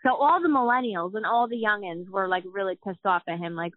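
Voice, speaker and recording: A woman's voice: medium pitch, brisk, hardly any pauses, no echo, narrow, tinny audio. A woman in her thirties co-hosting a podcast, chatting casually and swearing as she tells gossip stories. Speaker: podcast co-host.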